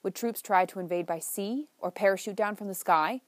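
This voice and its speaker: A woman's voice: medium pitch, brisk, no echo. Woman narrating in a dry close voice. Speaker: audiobook narrator. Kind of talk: scripted narration.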